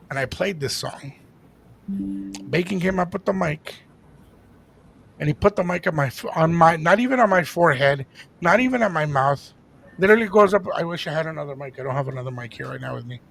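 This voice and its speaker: Animated gravelly-voiced man telling stories. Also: fairly high pitch, a little hiss or hum. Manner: animated, jumps into impressions, code-switches into Spanish. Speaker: podcast co-host and DJ. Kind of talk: casual storytelling.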